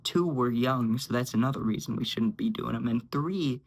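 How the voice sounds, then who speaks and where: A man's voice: medium pitch, moderate pace, breathy edge, low-quality recording. A young man casually telling a story, rambling and saying "dude" constantly while acting out what others said. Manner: rambling, says "dude" constantly, acts out quotes.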